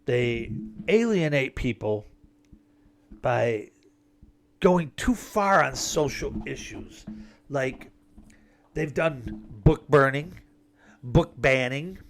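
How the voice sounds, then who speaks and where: A man's voice: medium pitch, animated, very slow, pauses often, slight background noise. A man delivering an emphatic, rambling political monologue with sarcastic asides. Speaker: political commentator.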